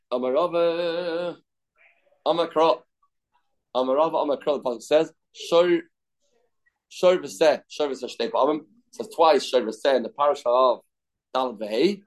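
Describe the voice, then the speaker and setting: A man teaching a daily Talmud lesson, reading out the text and translating it quick restarts. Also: mid-range voice.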